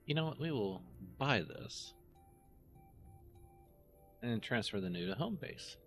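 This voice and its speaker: A man's voice: mid-range voice, lively intonation, slow, fairly bright tone, faint music behind. A man chatting casually to himself and his viewers while playing a game. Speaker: game streamer. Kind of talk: casual gameplay commentary.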